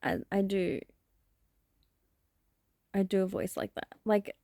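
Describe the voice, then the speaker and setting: A woman's voice: medium pitch, takes it slowly, dark tone, dry recording, clean studio sound. A woman talking to camera in a rambling, self-reflective vlog monologue, laughing often. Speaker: vlogger.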